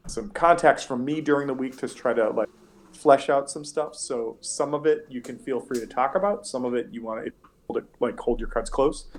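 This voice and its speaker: A man's voice: mid-range voice, darkish tone. A young man narrating as dungeon master, rambling with many restarts. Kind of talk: narrating a tabletop game.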